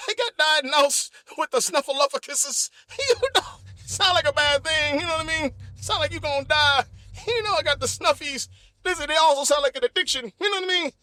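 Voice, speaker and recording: A man hosting a comedy podcast, riffing in an animated, rambling monologue and constantly asking "you know what I mean?". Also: very high voice, a little fast, dry recording. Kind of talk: comic monologue.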